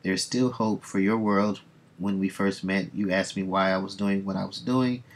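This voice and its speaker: A weary mutant brooding on lost faith, read aloud by a man. The voice sits low and gravelly, with a husky edge. The lines come out flat and unhurried, read off the page rather than performed. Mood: somber.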